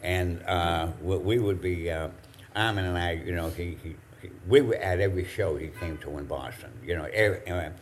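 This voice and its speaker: A man in his eighties with a very deep, low voice tells rambling, halting anecdotes. He stumbles, restarts and chuckles along as he goes. A faint hiss sits behind him. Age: 80s. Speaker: guest, drumstick maker. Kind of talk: anecdotal storytelling.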